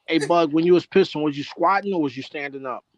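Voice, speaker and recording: Higher-voiced teasing man. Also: quick pace, muffled recording. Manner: teasing, keeps asking questions. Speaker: panel guest. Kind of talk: casual panel chat.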